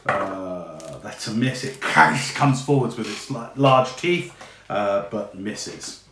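A man narrating as game master for a tabletop game, relaxed and chatty with lots of fillers. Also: on the low side, takes it slowly. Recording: echoey room with faint noise.

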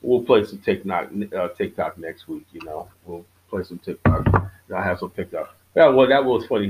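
Man, low voice, blunt, defiant, swearing, casual rant. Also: expressive, moderate pace, a little mellow, slight background noise, poor audio.

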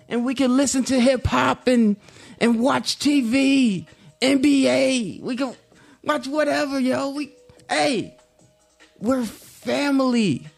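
Laid-back commentary vlogger, slow and gravelly, slangy self-talk over soft background music. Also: medium pitch. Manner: musing, self-encouraging. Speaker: commentary YouTuber. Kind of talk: casual reflective vlog monologue.

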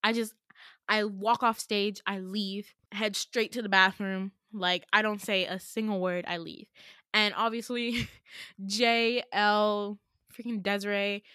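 A young woman hosts her own podcast and recounts a personal story. She is emphatic and animated and swears without holding back. Her voice sits at a middle pitch and sounds close and dry, with no room around it. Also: takes it slowly, clean tone, no room sound. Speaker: podcast host.

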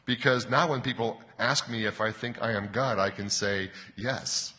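A man preaching a sermon. He tells wry jokes, then reads scripture slowly like a bedtime story. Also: fairly low pitch, sharp tone, a little hiss or hum. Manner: wry joking, then slow storybook reading. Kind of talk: sermon with humorous readings. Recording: reverberant hall.

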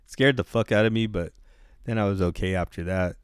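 A man's voice: on the low side, brisk, clear, resonant tone, no room sound, studio quality. A man telling a story in a laid-back, rambling podcast chat, swearing freely. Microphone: headphones and studio mic.

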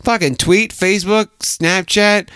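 A man co-hosting a casual podcast from a home basement, drinking and joking loudly with crude, profane humor into a podcast mic. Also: sits high, unhurried, clean tone, no echo, clean studio sound. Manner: loud, joking, profane, animated. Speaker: podcast co-host.

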